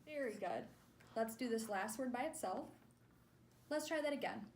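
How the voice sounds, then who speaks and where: A woman's voice: fairly high pitch, expressive, moderate pace, slight background noise. A woman speech clinician giving a therapy demonstration, patiently modeling words and praising each try.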